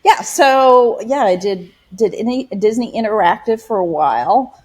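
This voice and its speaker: A middle-aged woman pastor and author, chatting as an interview guest, telling stories in a lively way with acted-out quotes and frequent laughter. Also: fairly high pitch, unhurried. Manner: animated storyteller, acts out quotes, laughs often. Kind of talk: casual interview chat.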